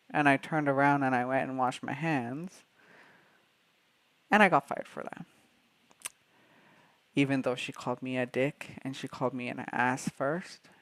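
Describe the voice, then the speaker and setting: A man's voice: medium pitch, fairly bright tone, dry recording. A young man from Canada, a streamer telling a workplace story in casual livestream chat, swearing freely.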